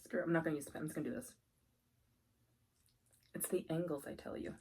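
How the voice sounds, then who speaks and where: A woman hosting an eating vlog, talking softly and giddily between bites, recorded close to the mic. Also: low voice, quick pace, husky. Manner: soft-spoken, giddy and appreciative between bites. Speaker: mukbang host. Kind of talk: casual eating vlog with soft asides. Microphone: close mic picking up eating sounds.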